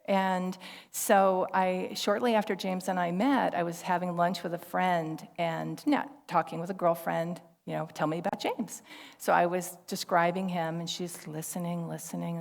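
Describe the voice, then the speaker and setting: Woman pastor, low and gravelly, telling stories in a sermon to a congregation, reverberant hall sound. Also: steady tone, normal speed. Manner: conversational, warm storytelling with laughter and quoted dialogue. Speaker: minister. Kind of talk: personal sermon storytelling. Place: church service hall. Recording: long reverb of a large hall.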